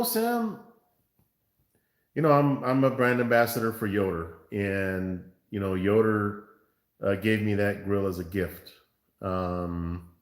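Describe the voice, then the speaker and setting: A man's voice: fairly low pitch, echoey room. A man from Far West Texas, chatting casually with viewers on his barbecue livestream and calling them man and bro. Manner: laid-back, calls viewers man and bro. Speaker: barbecue show host.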